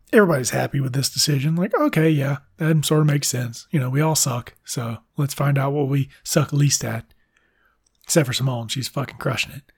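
A man with a gravelly, slightly husky voice at an ordinary pitch hosts a podcast, recapping a children's book. He talks in a sarcastic, rambling way, swears freely and keeps breaking off into quick asides. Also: no room sound, studio quality. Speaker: podcast host. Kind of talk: profane comedic book recap.

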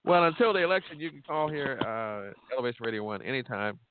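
A man's voice: medium pitch, lively intonation, fast talker, slight background noise. A middle-aged man, hosting a call-in radio show with boastful, joking trash talk and frequent laughter. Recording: tinny phone-like audio.

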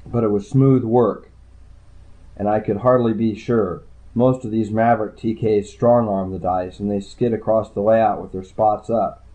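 Man doing a gruff old dice watcher. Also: fairly low pitch, mellow, dull audio, close to an everyday voice. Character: gruff older bald male dice watcher.

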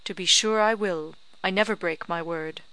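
Woman reader as honest gentleman settler, measured, crisp. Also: fairly low pitch, no echo, poor audio. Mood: steady.

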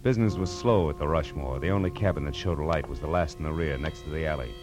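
Brief: low-voiced hard-boiled detective narrator, dry and terse, old radio. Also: male voice, fast. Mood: narrating. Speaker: narrator and lead. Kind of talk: 1940s radio acting. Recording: old radio broadcast with faint music.

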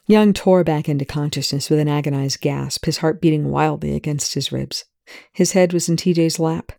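Gravelly, dark-toned story narrator. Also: medium pitch, no room sound. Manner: measured, drops to whispers at tense moments. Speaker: fan fiction reader. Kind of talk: audiobook narration. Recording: dry close recording.

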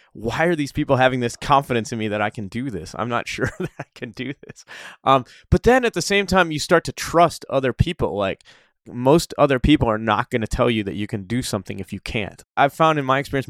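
A man telling stories in a casual conversation, animated and often laughing. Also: medium pitch, no echo, studio quality. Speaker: interview guest.

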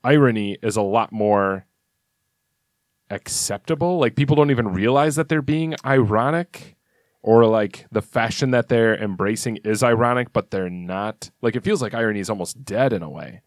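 A man's voice: lowish voice, normal speed, dry recording, clean studio sound. A man co-hosting a podcast, musing aloud and asking questions. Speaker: podcast co-host. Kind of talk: casual chat.

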